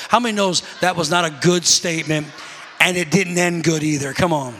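A man's voice: on the high side, fairly even intonation, fast, pushed and bright, long reverb tail. A man preaching a sermon, telling stories animatedly and calling out to his congregation. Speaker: pastor.

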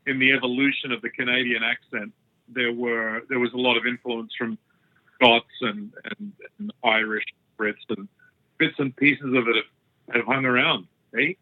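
An Australian man, a guest author, chatting in a friendly, joking way during an interview. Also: medium pitch. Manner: chatty, friendly, quick to joke. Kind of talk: casual interview chat. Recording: tinny phone-line sound.

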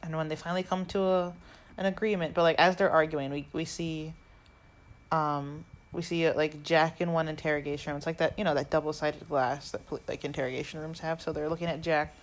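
Woman, podcast co-host, chatty movie recap, slightly low voice. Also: steady tone, fairly quick, low-quality recording. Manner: chatty, recaps with quoted lines. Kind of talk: casual chat, recapping a movie.

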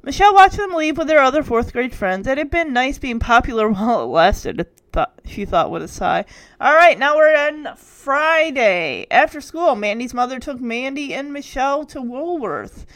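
A woman's voice: high voice, expressive, normal speed, fairly bright tone. A woman reading a children's book aloud, adding chatty, playful comments. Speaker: reader.

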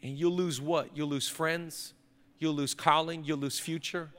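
A man's voice: fairly high pitch, steady tone, unhurried, fairly bright tone. A male pastor preaching a sermon in a conversational, emphatic way, with repeated phrases, recorded in a large church auditorium. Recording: long reverb of a big hall.

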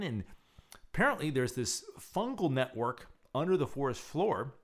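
A man hosting his own radio show, talking casually and acting out scenes as he tells stories. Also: mid-range voice. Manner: animated storyteller who acts out scenes.

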